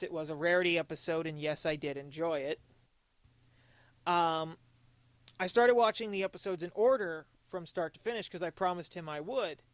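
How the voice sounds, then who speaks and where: High-voiced earnest young man. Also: clean tone, no room sound. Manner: earnest, halting, with many restarts; emotionally open, confessional. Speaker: podcast co-host. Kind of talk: casual podcast talk.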